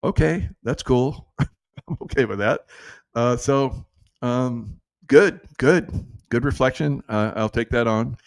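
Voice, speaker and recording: A man's voice: medium pitch, slow, dry recording, clean studio sound. A middle-aged man hosting casual political commentary, brash and laughing often, mocking critics in put-on voices. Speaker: show host.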